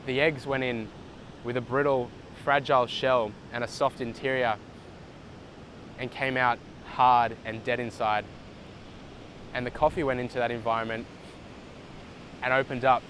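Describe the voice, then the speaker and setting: Quiet, measured old grandmother, patient and wise, spoken by a man. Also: mid-range voice, little pitch movement, a little hiss or hum, natural voice, poor audio. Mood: calm, wise.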